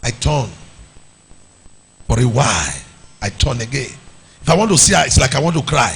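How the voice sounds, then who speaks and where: A man with a Nigerian accent preaching to a youth meeting, animated, slipping into pidgin and shouting or sing-song lines. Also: mid-range voice, moderate pace, creaky, slightly rough.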